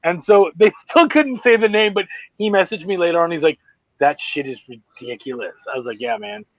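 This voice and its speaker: An excitable Canadian man hosts a casual chat with a high, lifted voice, swearing freely as he goes. The sound is dry and a little dull, with no room behind him. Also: fairly quick, vocal fry, no room sound. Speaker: podcast host.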